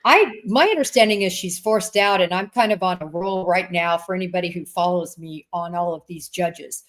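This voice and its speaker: A woman hosting a casual interview about a trial, talking in halting bursts with frequent restarts. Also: lowish voice. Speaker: host, former FBI agent.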